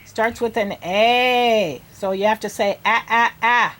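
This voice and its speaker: Slow, high-voiced woman reading teacher. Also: steady tone, a bit bright. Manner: slow, sounding out letters and words; encouraging, asks children questions. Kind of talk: early reading lesson.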